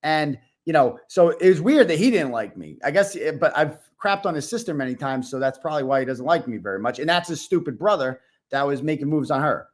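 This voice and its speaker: A man telling an animated story as a podcast guest, full of fillers and restarts. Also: on the high side, a little fast, hardly any pauses. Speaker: podcast guest, independent reporter. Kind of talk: casual podcast conversation.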